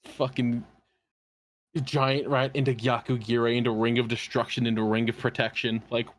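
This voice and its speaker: A man's voice: medium pitch, moderate pace. A man co-hosting a podcast in casual chat, joking and swearing freely. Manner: animated, joking, profane. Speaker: podcast co-host.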